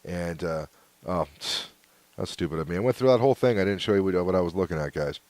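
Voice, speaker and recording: Brief: male podcast host, low voice, dry close sound, easygoing rambling delivery. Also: animated, quick pace, a little mellow, dry recording. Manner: laid-back and rambling, with frequent fillers and chuckles. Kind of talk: casual solo podcast, reading hate mail aloud.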